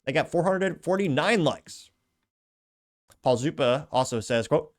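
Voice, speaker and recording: A man's voice: medium pitch, lively intonation, moderate pace, long pauses. A man hosting a political commentary show, casually reading out viewer comments with blunt, sarcastic asides.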